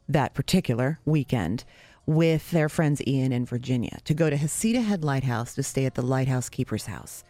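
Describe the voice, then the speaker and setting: A woman's voice: warm tone, no echo. Wry, sarcastic woman telling a story. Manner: wry, sarcastic, self-mocking; sudden pitch leaps for emphasis. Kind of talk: personal storytelling.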